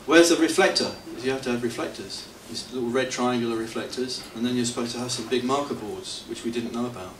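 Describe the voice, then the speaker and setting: A middle-aged devotee speaks fast and barely pauses while telling self-deprecating, rambling anecdotes to an audience in a temple hall for its anniversary, frequently chuckling. His voice is medium-pitched and steady, and the distant hall mic captures a roomy sound with faint hiss.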